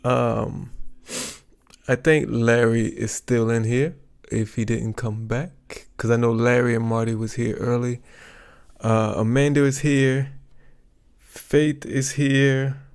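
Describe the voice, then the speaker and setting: A man hosting his livestream in a relaxed, rambling way, often pausing to search for words. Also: mid-range voice, vocal fry, clear, resonant tone. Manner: rambling, chatty, searches for words with many ums. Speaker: YouTube livestream host. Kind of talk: casual livestream chat.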